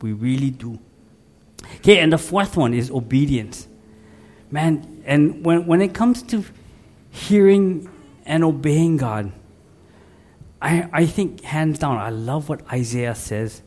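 A man's voice: a little high, slow, long pauses, a little mellow. A man preaching a sermon in a folksy, conversational way, speaking directly to his congregation. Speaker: pastor.

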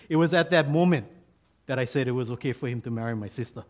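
A man's voice: mid-range voice, quick pace. Man preaching with stories. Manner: storytelling, many restarts and asides. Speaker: pastor. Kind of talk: sermon with a told story.

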